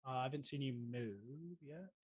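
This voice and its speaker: A man running a tabletop game as dungeon master, talking in a relaxed, halting way with many fillers and restarts. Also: medium pitch, slightly rough, dry recording.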